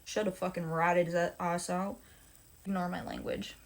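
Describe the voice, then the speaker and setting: A woman's voice: lowish voice, level tone, moderate pace. A young woman telling a personal story in a casual storytime monologue, blunt and emphatic, with heavy swearing and repeated phrases.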